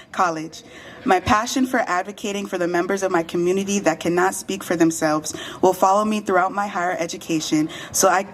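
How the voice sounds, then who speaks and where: A teenage girl with a lowish voice delivers her graduation speech with earnest conviction, speaking into a podium microphone. Her voice is a touch shaky from the cold. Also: a little hiss or hum, rough recording. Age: late teens. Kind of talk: prepared speech read aloud. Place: school awards dinner.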